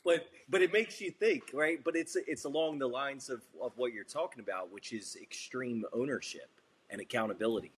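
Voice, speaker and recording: A man hosting an interview, asking his guest questions in a relaxed, conversational way. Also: medium pitch, a little fast, slightly rough. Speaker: host.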